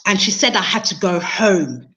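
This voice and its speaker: A woman's voice: mid-range voice, lively intonation, normal speed, sharp tone, low-quality recording. A woman, an interview guest telling a personal story in an earnest, emotional way, often repeating herself. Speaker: interview guest, training consultant.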